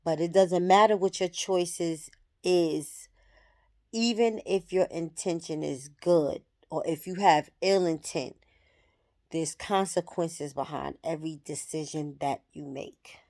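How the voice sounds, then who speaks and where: In a vlog, a woman with a slightly low voice offers a personal spiritual reflection. She talks very slowly, softly and candidly, pausing between thoughts.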